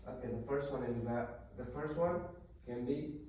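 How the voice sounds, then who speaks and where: A man's voice: medium pitch, normal speed, mellow, a little hiss or hum. A male English teacher leading a classroom lesson, explaining step by step with fillers and restarts. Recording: very echoey room, voice far from mic.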